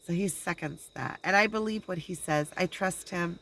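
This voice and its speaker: Rambling low-voiced woman talking to camera. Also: a bit bright, poor audio. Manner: rambling, halting, with many restarts and quoted dialogue. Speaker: spiritual channeler and video blogger. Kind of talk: casual personal monologue.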